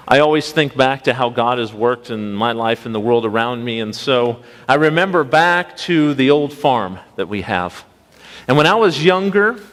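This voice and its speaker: Brief: young man, pastoral intern, folksy storytelling sermon, medium pitch, reverberant church. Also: fairly bright tone. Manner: folksy, anecdotal, rhetorical questions to congregation. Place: church sanctuary.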